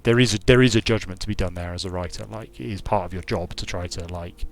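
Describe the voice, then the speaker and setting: Gravelly and low-pitched, the voice of this UK game designer stays steady as he talks fast. He streams his strategy game play with casual, rambling commentary, musing aloud in British English.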